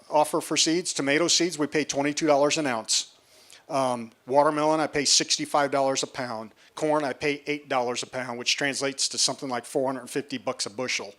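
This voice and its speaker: This festival panel moderator, who manages seed production, has a medium-pitched, fairly bright voice. Speaking in a tent at an outdoor event, he chats through prices and asks the audience questions.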